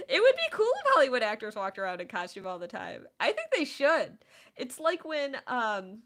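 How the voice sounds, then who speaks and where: A woman in her thirties hosting a casual chat stream, telling stories in an animated, chatty way. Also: a little high, a little slow, pauses often. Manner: chatty, animated storytelling with laughs.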